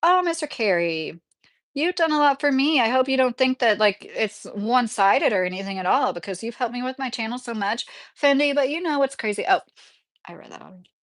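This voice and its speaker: A thirtysomething Kentucky woman talks a little fast in a slightly high, expressive voice, with no room sound. As a livestream host, she chats casually, reads viewer comments, wanders off topic, and laughs frequently.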